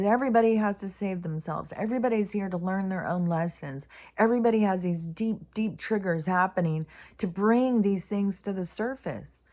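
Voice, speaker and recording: A spiritual vlogger with a mid-range voice muses casually about her spiritual thoughts, rambling with lots of pauses and restarts. At times she drops to a soft whisper.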